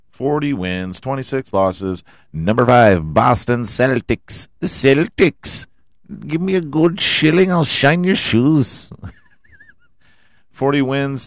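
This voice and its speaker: A man's voice: on the low side, dry recording, studio quality. Rambling man with a scratchy throat. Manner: rambling, profane, self-mocking asides. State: scratchy throat, clearing it often. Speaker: podcast host. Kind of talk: casual solo sports podcast.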